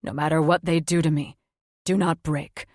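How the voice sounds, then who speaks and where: Dragomir, a woman doing a low gruff male demon wolf. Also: steady tone, normal speed, darkish tone, dry recording, clean studio sound. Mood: urgent, grim.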